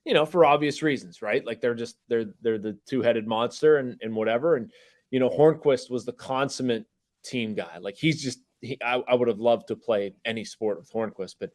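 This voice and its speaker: Man, middle pitch, sports journalist co-host, modest, storytelling, lots of "you know". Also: normal speed. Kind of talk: casual sports podcast chat.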